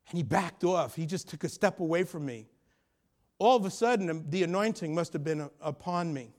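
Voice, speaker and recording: A middle-aged man preaching a sermon, telling a personal story and rising to loud, emphatic peaks. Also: on the high side, expressive, moderate pace. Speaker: pastor.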